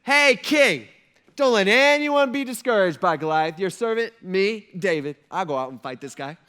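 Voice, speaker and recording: A man's voice: high-pitched, expressive, normal speed, sharp tone, smooth. A man voicing an eager, cocky teenage boy who whines and boasts, in a sermon retelling. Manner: whiny, eager.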